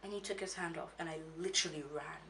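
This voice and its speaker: Young woman vlogger, low and gravelly, halting and shaken confessional telling. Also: fairly even intonation, sharp tone, slight background noise. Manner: halting, with many restarts and fillers. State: emotional, shaken when recalling. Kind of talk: personal confessional story.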